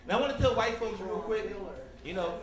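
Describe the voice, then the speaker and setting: A man doing a stand-up comedy routine on a club stage, teasing the audience and jumping into quick character voices. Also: high-pitched. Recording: echoey club with crowd laughter.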